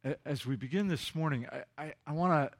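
A pastor preaching a sermon in a church sanctuary, talking loosely with frequent restarts and going soft and hushed in prayer. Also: male voice, a little high, fairly quick. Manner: conversational, paraphrases with frequent restarts; soft, hushed voice when praying. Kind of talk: sermon with scripture reading and prayer.

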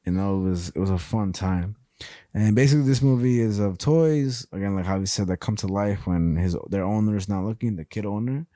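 A man co-hosting a podcast, chatting casually and telling stories in a loose, profane, animated way. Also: lowish voice, fairly quick, no room sound, studio quality. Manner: animated, profane storytelling with frequent laughs. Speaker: podcast co-host. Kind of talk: casual chat.

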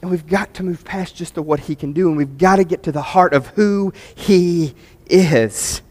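Fervent high-voiced preacher in a hall. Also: male voice, normal speed, darkish tone. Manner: emphatic, rising to fervent peaks on key phrases. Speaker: pastor. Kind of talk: sermon.

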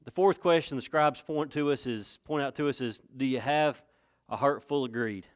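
A man's voice: mid-range voice, moderate pace. A man preaching a sermon in a folksy, conversational way, rising to emphatic points. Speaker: pastor.

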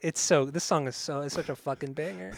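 A man co-hosting a casual music podcast, excitable and swearing a lot, often singing along. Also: a little high, fairly quick, gravelly, no room sound. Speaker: podcast co-host.

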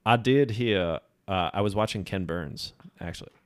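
Deep-voiced man, casual podcast chat. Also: normal speed. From Ohio. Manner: jokey, rambling, playful. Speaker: podcast host. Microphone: podcast mic indoors.

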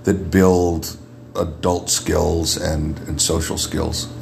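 A man with a deep radio voice, a guest in a casual podcast chat, who often repeats words as he starts a thought. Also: little pitch movement, slow pace, gravelly, a little mellow, slight background noise. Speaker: guest, makeup artist.

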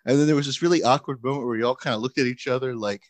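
Man in his usual mid-range voice telling a lively anecdote in conversation, doing the other people's lines, recorded dry and close. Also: mid-range voice, racing, no echo. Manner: animated, acts out quoted voices with laughs. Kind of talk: casual storytelling chat.

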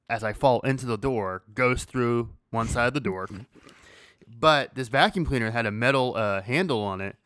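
A podcast host with a mid-range, slightly bright voice tells a story in a laid-back, casual way, swearing freely and laughing as he goes. The recording is studio quality with no echo.

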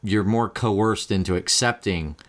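A man's voice: lowish voice, unhurried. A man co-hosting a podcast, chatting casually, joking at times and at times making thoughtful points. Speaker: podcast co-host.

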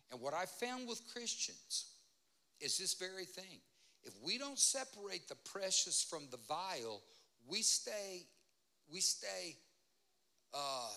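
A guest preacher delivers a sermon in a church, pleading with his listeners and asking for amens. His voice sits a little high, with a bright, forceful edge. He swings between loud appeals and soft, hushed lines.

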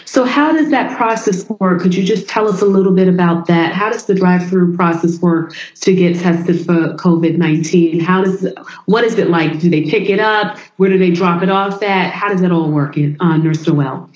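A woman's voice: fairly low pitch, normal speed. Encouraging woman interviewer in a roomy space. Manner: warm, encouraging, emphatic. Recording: roomy, muffled lo-fi audio.

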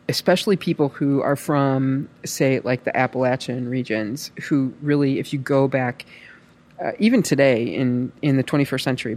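A woman actress in casual chat, talking in an animated, rambling way with lots of fillers. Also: very deep voice.

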